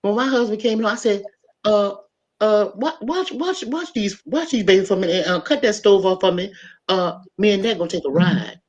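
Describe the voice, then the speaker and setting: A middle-aged woman hosting a podcast, telling a story in an animated, emphatic way and talking straight to her listeners. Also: medium pitch, fairly quick. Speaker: podcast host. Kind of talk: casual storytelling chat. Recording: dull lo-fi sound.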